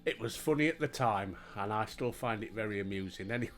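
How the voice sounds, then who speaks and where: A man in his sixties with a Yorkshire accent hosts a gaming video, his lowish voice quick and a bit bright. He chats casually while he plays, spinning rambling stories and laughing often.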